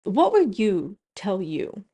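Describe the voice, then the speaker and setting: Young woman vlogger; casual, heartfelt chat that turns bubbly and excitable. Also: mid-range voice, slow pace, slightly rough. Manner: soft and tearful, then bubbly and excitable.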